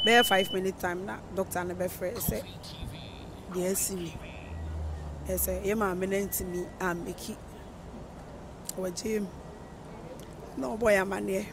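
Soft-spoken speaker on a noisy street. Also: mid-range voice. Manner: halting, soft-spoken, mixing in English terms. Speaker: family member of the deceased, interviewee. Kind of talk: recounting events to a reporter. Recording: outdoor street noise with passing vehicles.

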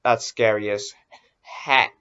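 A man's voice: on the low side, steady tone, takes it slowly, sharp tone, smooth. A man hosting a casual reaction video, easily startled and exclaiming, talking himself into being brave. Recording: dull lo-fi recording.

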